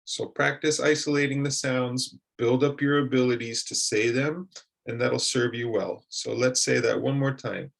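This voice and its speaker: A man teaching English pronunciation, modeling words slowly and asking learners to repeat them. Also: mid-range voice, steady tone, vocal fry.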